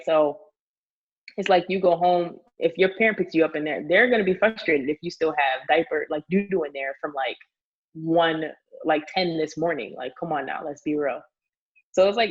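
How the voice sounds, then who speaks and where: Chatty husky woman teacher. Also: sits low, lo-fi sound. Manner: animated storytelling, frequent "like", laughs often. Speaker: teacher, podcast guest. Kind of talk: casual conversation.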